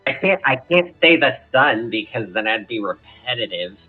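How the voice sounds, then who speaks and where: A man playing in a tabletop game, wry and low-key, heard over a tinny phone-like line. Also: big pitch swings, normal speed, faint music behind. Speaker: player. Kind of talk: casual tabletop game chat.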